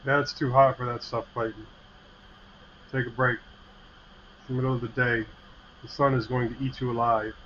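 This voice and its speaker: A man's voice: medium pitch, level tone, moderate pace, long pauses, a bit bright. A man co-hosting a casual livestream chat, talking in a rambling, friendly way about his tech projects. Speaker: podcast co-host. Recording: slightly dull mic with faint hiss.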